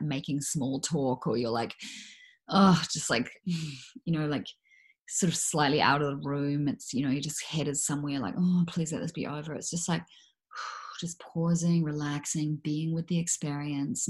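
Low-voiced woman talking frankly. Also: darkish tone. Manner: frank, reflective, many fillers and self-corrections. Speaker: guest. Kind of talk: candid conversational interview.

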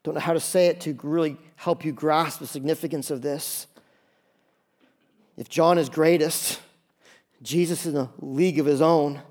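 A man's voice: a little high, a little mellow. A man preaching a sermon as pastor, conversational and impassioned, often repeating phrases for emphasis.

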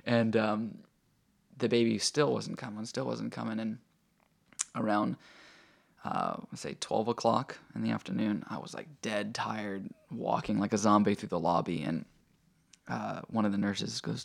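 Gravelly low-voiced man telling a story. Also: measured pace. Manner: animated, acts out quoted voices, filler-heavy. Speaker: guest telling a personal story. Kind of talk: casual anecdotal storytelling.

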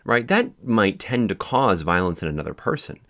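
A man's voice: lowish voice, very animated, normal speed, a bit bright. A man lecturing on law, explaining step by step with many fillers and restarts. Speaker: law instructor. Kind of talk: recorded lecture.

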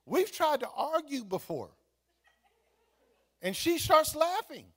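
A man's voice: extremely high pitch, takes it slowly. A man, a pastor preaching a sermon with playful, humorous storytelling. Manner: animated, playful, laughs at own jokes.

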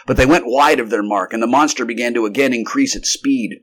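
A man's voice: mid-range voice, fairly quick, a bit bright. A man narrating a 1930s science fiction story in an unrehearsed live reading, now and then restarting a sentence. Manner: occasional restarts mid-sentence. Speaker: amateur audiobook narrator.

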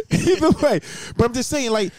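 A man co-hosting a podcast in casual chat, animated and profane, often acting out what other people would say. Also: very high-pitched, moderate pace, dry recording, studio quality. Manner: animated, profane, acts out quotes in other voices. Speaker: podcast co-host.

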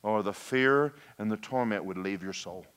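A man preaching a lively sermon, folksy and animated, slipping into mock voices and asides to the congregation. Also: fairly low pitch, normal speed, clear, resonant tone. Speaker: pastor.

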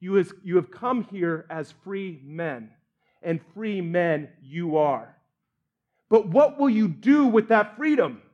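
A man playing a rousing Scottish rebel leader, delivering a forceful battle speech without any accent. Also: sits high, animated, slow pace, muffled recording. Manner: forceful, declaiming.

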